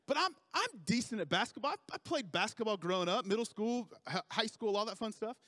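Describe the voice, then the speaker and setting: A man's voice: high-pitched, expressive, fairly quick, bright, forceful tone, dry recording. A man in his thirties preaching a sermon, telling a self-mocking, joking story about his family. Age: 30s. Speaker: pastor.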